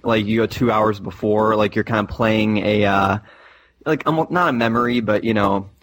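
A man's voice: lowish voice, fairly even intonation, normal speed, fairly bright tone, a little hiss or hum. A man co-hosting a podcast in casual chat, rambling with lots of fillers. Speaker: podcast co-host.

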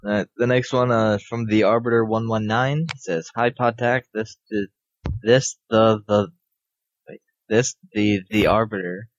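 A man's voice: on the low side, fairly even intonation, unhurried, dry recording, lo-fi sound. A young man co-hosting a gaming podcast, reading listener mail with a hesitant, stumbling delivery. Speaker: podcast co-host. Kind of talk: casual chat, reading listener emails.

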